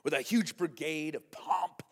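Male pastor, animated sermon delivery, higher voice, church hall echo. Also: measured pace. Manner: animated, acts out a comic scene in a loud high voice.

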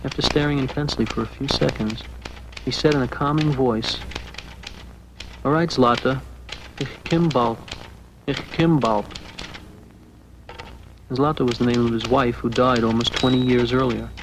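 An actor playing a calm male narrator in a film, measured storytelling, dropping to a hush on repeated words. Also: medium pitch, noisy background, natural voice.

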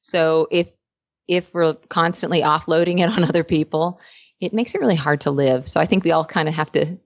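A woman's voice: low voice, brisk, no room sound, clean studio sound. Chatty, laughing woman storyteller. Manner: chatty, animated storyteller who laughs often. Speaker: actress and voice performer. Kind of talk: casual interview chat.

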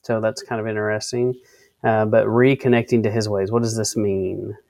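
Man, low voice, casual scripture discussion, halting restarts, dry close recording. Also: little pitch movement, gravelly, darkish tone, no echo. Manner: restarts often, reads out definitions. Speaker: co-host of a faith discussion. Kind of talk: casual Bible-study discussion.

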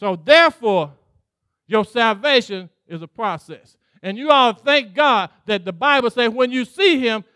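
Male pastor, sermon delivery, very high voice, dry close sound. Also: lively intonation, unhurried, sharp tone, no room sound. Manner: preaching with call-outs, acting out God's voice, laughing.

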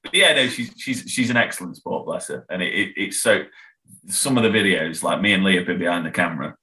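A man talks casually as a podcast guest. His voice is low yet bright and forceful, and he rambles, restarts his sentences and laughs a lot. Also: a little fast, a little hiss or hum, poor audio. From England. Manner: rambling, self-interrupting, laughs often. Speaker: podcast guest, band member. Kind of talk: casual chat.

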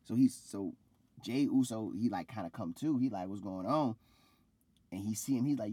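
A man's voice: lowish voice, a little fast, no room sound. A young man in casual chat, retelling a wrestling match with slang and acted-out quotes. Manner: animated storytelling, acts out quotes, slangy.

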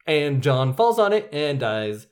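A podcast co-host talks through a film plot in easy, casual chat, dropping dry, deadpan asides. The voice sits mid-range but rises and falls freely. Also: medium pitch, measured pace. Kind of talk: casual movie discussion.

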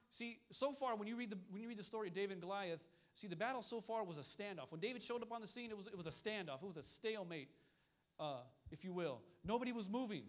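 A man's voice: high voice, fairly bright tone. A male pastor preaching a fiery sermon, repeating his points and calling out to the congregation. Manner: fiery, repetitive preaching with call-and-response asides.

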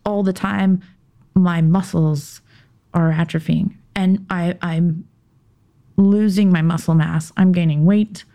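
A woman recounting a hard personal story as a podcast guest, in a warm, mellow voice. She speaks slowly and haltingly, often stopping to restart a sentence. When she gets heated, she drops into a tense whisper. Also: on the low side, fairly even intonation. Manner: halting, with frequent restarts and pauses. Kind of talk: personal story told in conversation.

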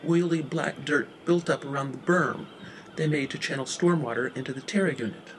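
Male narrator, wry and deadpan, somewhat high, faint background noise. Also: normal speed. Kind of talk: storytelling narration.

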